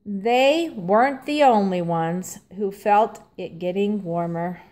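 A woman reading a children's storybook aloud in a gentle, clearly paced narration. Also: medium pitch, slow pace. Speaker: storybook reader.

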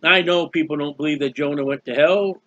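A man's voice: fairly high pitch, brisk, fairly bright tone, dry recording, highs cut off. A man preaching a Bible teaching sermon in a folksy, emphatic way, asking questions and answering them himself.

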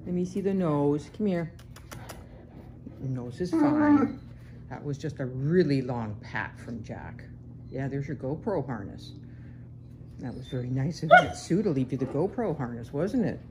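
A woman talking casually to her dog and cat at home, coaxing and gently scolding them. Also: a bass voice, expressive, moderate pace, noisy background. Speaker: pet owner. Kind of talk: casual talk to her pets. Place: home indoors.

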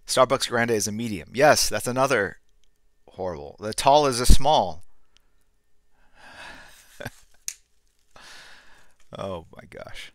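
An older man chatting casually on a live art stream, reading comments and rambling, getting loud and worked up then trailing off quietly. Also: medium pitch, expressive, slow pace, long pauses, dry recording, studio quality. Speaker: artist streaming while drawing.

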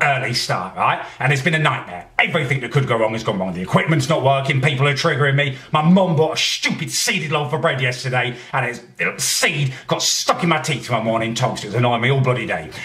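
A man's voice: mid-range voice, bright, forceful tone, far from the mic. A man ranting indignantly to camera in a comic monologue, swearing as he tells his story. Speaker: character comedian ranting to camera. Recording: echoey room.

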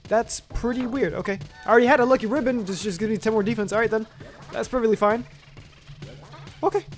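A man with a high voice talks his way through a video game in relaxed let's-play style. He rambles to himself and drops mild swears. Soft game music plays faintly underneath. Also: fast talker. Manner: loose, chatty, with mild swearing and self-talk. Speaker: gaming video host. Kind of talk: casual let's-play commentary.

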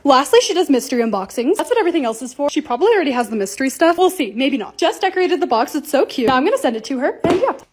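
A woman's voice: high voice, big pitch swings, rapid-fire, hardly any pauses, a little hiss or hum. A young woman narrating her organizing and shopping vlog in a bubbly, chatty way, gushing over cute things. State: hoarse, losing her voice. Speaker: lifestyle vlogger.

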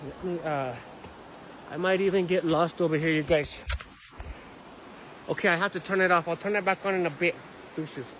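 A man's voice: fairly high pitch, steady tone, moderate pace, pauses often, a bit bright, slight background noise. A man rambling to his viewers while he wanders outdoor trails, swearing freely and talking straight to the camera. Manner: chatty, swears a lot, talks to viewers as "you guys". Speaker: vlogger.

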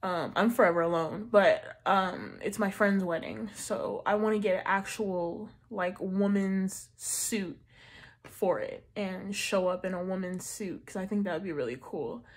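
A woman's voice: medium pitch, a little slow. Chatty young woman vlogging. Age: 20s. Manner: chatty, animated, slangy and joking. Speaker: budgeting vlogger. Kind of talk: casual chat.

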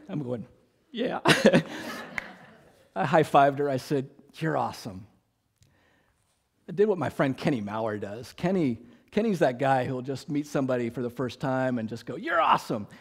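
A male pastor delivering a sermon in a relaxed, conversational way. His voice sits at a middle pitch, and he keeps things light with small jokes. He slips into quick acted-out dialogue as he tells his stories. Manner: conversational, joking, acts out quotes.

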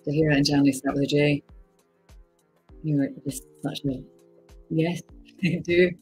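Low husky woman chatting. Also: fairly even intonation, measured pace, darkish tone, soft background music. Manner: chatty, laughs often, reads chat aloud. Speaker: actress hosting a fan signing livestream. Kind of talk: casual livestream chat.

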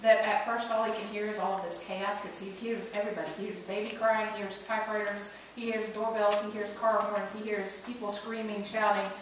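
A woman's voice: mid-range voice, flat delivery, brisk, few pauses. A woman pastor giving an interactive sermon, playfully coaxing the congregation to join in. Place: church sanctuary. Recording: echoey church recorded from far off, noisy.

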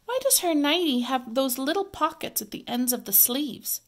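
A woman voicing an eager, curious little girl in a read-aloud storybook, with high, excited squeals. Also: normal speed.

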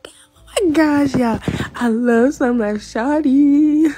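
A teenage girl chatting in a casual vlog from her bedroom, gushing, excitable and slangy as she talks to her viewers. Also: high voice, extremely slow, creaky. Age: teens. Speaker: vlogger.

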